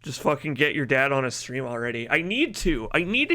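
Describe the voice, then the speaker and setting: A male game streamer with a bright, forceful voice of middling pitch. He rambles and jokes in loose, casual live-stream chat, reacting to his viewers as he goes. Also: expressive, brisk.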